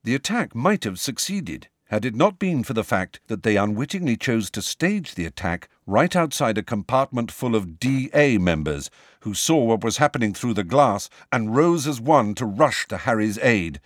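A man narrating a novel as an audiobook, with expressive, varied storytelling. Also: medium pitch, moderate pace, dry recording, clean studio sound.

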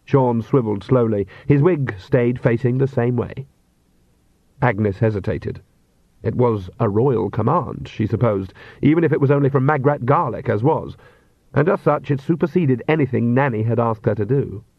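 A man's voice: medium pitch, breathy edge, dry recording. Man narrating in a dull, dry recording. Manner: measured, dry storytelling. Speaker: audiobook narrator. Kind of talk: scripted narration.

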